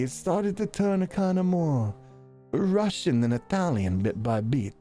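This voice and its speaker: Male streamer, casual post-stream chat, animated pitch, frequent laughter, thinking aloud, faint music underneath. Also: moderate pace. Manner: laughs often, thinks out loud, swears casually. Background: faint background music.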